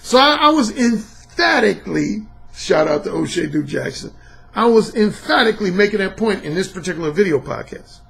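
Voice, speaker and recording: A man's voice: sits high, lively intonation, normal speed, vocal fry, a bit bright. A middle-aged man hosting his own podcast, talking in a blunt, emphatic, profane monologue. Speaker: podcast host and dating coach. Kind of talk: casual monologue.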